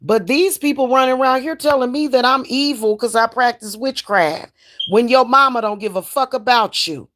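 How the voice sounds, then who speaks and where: A woman's voice: on the high side, normal speed, fairly bright tone. A middle-aged woman, ranting in a casual vlog, blunt, heated and profane. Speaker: spiritual reader and vlogger.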